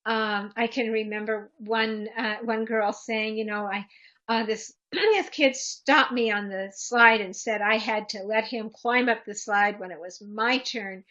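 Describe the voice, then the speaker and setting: A woman's voice: on the high side, steady tone, measured pace, fairly bright tone, lo-fi sound. A woman presenter answering audience questions in a webinar, giving practical advice and acting out short commands aloud.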